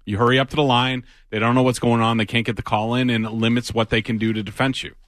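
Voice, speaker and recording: A man's voice: medium pitch, flat delivery, fast, fairly bright tone, dry recording. A man co-hosting a sports talk show, analytical with dry sarcasm.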